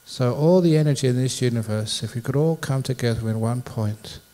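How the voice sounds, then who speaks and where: Playful monk telling stories in a talk. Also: male voice, medium pitch, brisk, warm tone. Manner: playful storyteller, jokes with the audience. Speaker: Buddhist monk giving a public talk. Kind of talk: public dharma talk with stories. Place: university lecture hall.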